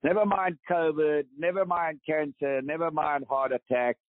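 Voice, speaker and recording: A man's voice: fairly high pitch, steady tone, normal speed, no room sound. A man in his eighties with a South African accent, speaking emphatically as a guest in a phone interview. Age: 80s. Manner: emphatic, preaching. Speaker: guest, veteran golfer. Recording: tinny phone line, dry.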